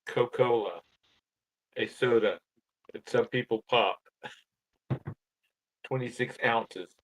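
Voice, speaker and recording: A man's voice: medium pitch, takes it slowly, rough recording. A man co-hosting a live stream, chatting in a laid-back, wry way. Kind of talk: casual live-stream chat.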